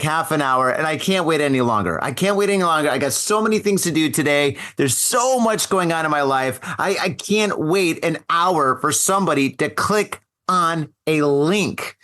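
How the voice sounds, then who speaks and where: A middle-aged man hosts a casual live podcast from a video call. He rambles, jokes and repeats himself in a slightly high voice. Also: fairly bright tone. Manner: rambling, joking and repetitive. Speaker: podcast host.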